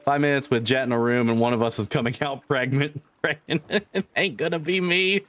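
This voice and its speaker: A man's voice: medium pitch, steady tone, fairly quick, a bit bright. A man streamer chatting casually with his viewers, swearing freely and laughing often. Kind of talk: casual chat with livestream viewers.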